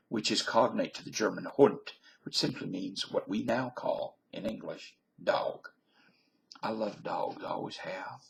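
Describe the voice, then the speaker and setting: A Canadian-born male vlogger with a Southern US accent talks to the camera in a folksy, meandering, self-mocking monologue. His voice is fairly low and creaky, with a little hiss or hum on the recording.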